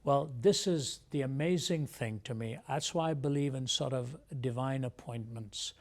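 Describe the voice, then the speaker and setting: A man from India with a gravelly edge to his voice. He tells his story as a guest on a TV interview, measured and earnest, at a middle pitch. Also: darkish tone.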